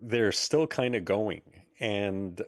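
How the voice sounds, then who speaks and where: A man co-hosting a live stream, breaking in to tell the host things in hesitant, halting remarks. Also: lowish voice, dry recording. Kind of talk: casual live-stream chat. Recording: dry close sound.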